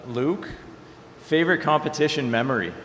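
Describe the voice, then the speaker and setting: A man hosting a Q&A at a skate event, reading out audience questions in a relaxed, joking way. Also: on the high side, normal speed, slight background noise. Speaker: Q&A host. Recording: echoey hall, faint ambience.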